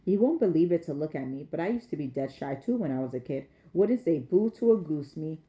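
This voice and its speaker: A woman's voice: low-pitched, lively intonation, fairly quick, roomy sound, lo-fi sound. A woman voicing a nervous, chatty young mother who rambles eagerly at her new neighbor.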